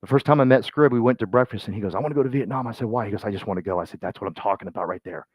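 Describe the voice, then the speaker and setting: A man giving a motivational real estate training talk, folksy and energetic, swinging from loud bursts to quiet asides. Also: fairly low pitch, racing, breathy edge, dry recording. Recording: dull muffled sound, dry.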